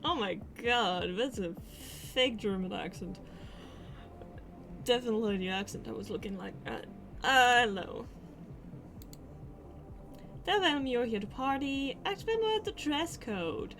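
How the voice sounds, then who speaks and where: A woman's voice: fairly high pitch, expressive, a little slow, long pauses, fairly bright tone, soft background music. A woman streamer chatting casually and swearing freely as she reacts to a game. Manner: chatty, swears a lot, laughs often.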